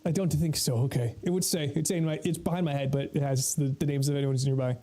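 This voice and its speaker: High-voiced young man streaming a game. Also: steady tone, quick pace, dark tone. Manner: laid-back, swearing, laughing often. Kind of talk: casual gameplay commentary.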